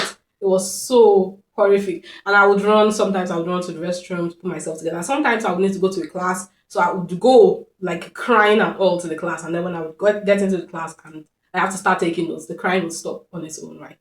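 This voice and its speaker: Woman, earnest personal storytelling, reflective, fairly low voice, echoey room. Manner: earnest, reflective, repeats phrases for emphasis. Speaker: vlogger. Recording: roomy echo.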